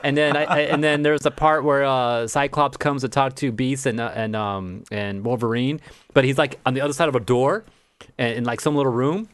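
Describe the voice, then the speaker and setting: Fast-talking man, casual rambling chat. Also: medium pitch, steady tone, a bit bright, clean tone. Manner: rambling, laughs often, swears casually. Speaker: podcast co-host.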